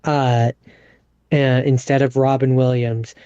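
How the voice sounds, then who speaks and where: A man co-hosting a podcast, reading out film facts haltingly with many fillers. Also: medium pitch, flat delivery, mellow, clean tone, lo-fi sound. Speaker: podcast co-host. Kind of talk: casual movie chat.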